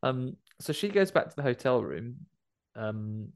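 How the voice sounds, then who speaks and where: A man's voice: mid-range voice, animated, unhurried, gravelly. A man chatting casually about a film, jokily acting out the characters' lines. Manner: jokey, playfully acts out film characters' lines.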